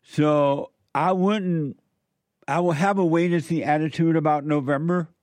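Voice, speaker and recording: A man's voice: fairly high pitch, steady tone, a little slow, a little mellow, no room sound. A man delivering an opinion monologue, repeating his warnings with heavy emphasis. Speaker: political commentator.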